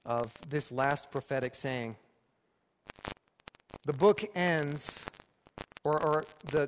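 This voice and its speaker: Male preacher, slightly high voice, emphatic repetition, long reverb and faint hiss. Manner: emphatic, repeating phrases for rhetorical build. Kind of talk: sermon.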